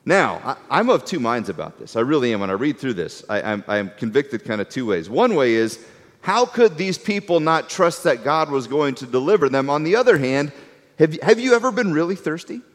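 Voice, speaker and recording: A middle-aged man giving a conversational sermon, an animated storyteller who often repeats his words. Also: mid-range voice, moderate pace. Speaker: Bible teacher. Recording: long reverb of a hall.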